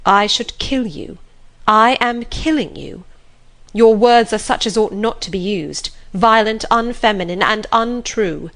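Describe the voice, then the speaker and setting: A woman reading the lines of a stern, cold young male clergyman in a grave, measured, reproving manner. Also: a little high, fairly bright tone. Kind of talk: audiobook reading.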